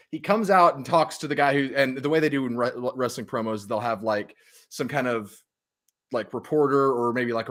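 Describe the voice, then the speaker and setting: A man's voice: mid-range voice, fairly bright tone. A man co-hosting a podcast in casual chat, rambling through stories and laughing mid-sentence. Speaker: podcast co-host.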